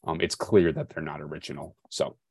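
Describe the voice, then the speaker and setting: Male staffer, deep low voice, dry and close, casual and brief. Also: little pitch movement, fairly quick, vocal fry, a little mellow, husky, no room sound. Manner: casual, terse confirmations. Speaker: commission staff. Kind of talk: staff report at public hearing.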